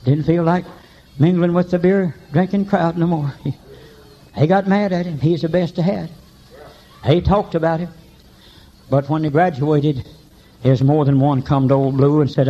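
An older man preaching a revival sermon in church, telling folksy stories and breaking into high shouts. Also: steady tone, normal speed, long pauses. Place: church meeting. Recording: dull lo-fi recording.

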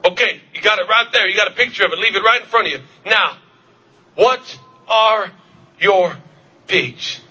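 A man preaching a revival sermon, fervent, repeating his questions and shouting at the peaks. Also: sits high, racing, few pauses, breathy edge. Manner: fervent, shouting at peaks, repetitive calls to the congregation. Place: church service.

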